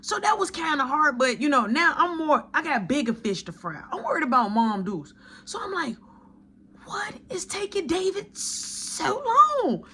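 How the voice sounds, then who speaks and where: A young man telling a story in casual slang, animated as he acts out what people said to him. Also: very high-pitched, a little fast. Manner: animated retelling, acting out others' quotes in slang.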